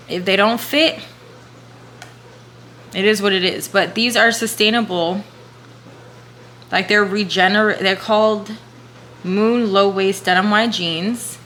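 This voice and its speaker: A young woman vlogging at home, chatting casually and slangily while shopping online, gasping and whispering when excited. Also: mid-range voice. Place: room at home. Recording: echoey room with faint hum.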